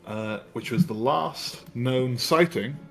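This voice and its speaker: A man's voice: mid-range voice, slow pace, gravelly. A man narrating a tabletop game as dungeon master, rambling and hesitant with many fillers.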